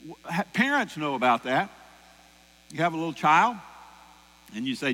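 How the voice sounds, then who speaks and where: A man in his sixties preaches with animation, slipping into voices and bits of song. His voice is bright and sits fairly high for a man. It rings through a reverberant hall over a low mains hum. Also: moderate pace, long pauses. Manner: animated, acts out voices and sings song lines. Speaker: pastor. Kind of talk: sermon.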